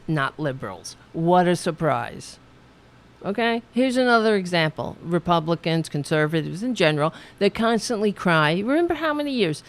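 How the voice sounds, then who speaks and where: Lowish-voiced woman hosting a casual live political show, animated and chatty, faint hiss behind. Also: moderate pace. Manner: chatty, animated, laughs often, trails off and restarts. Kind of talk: casual live-stream talk.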